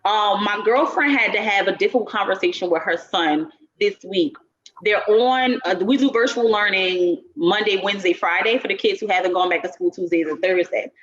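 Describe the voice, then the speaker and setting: A woman co-hosting a podcast in casual chat, telling a story with lively acted-out quotes. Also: medium pitch, moderate pace, muffled recording. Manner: animated storyteller who acts out quotes. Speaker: podcast co-host.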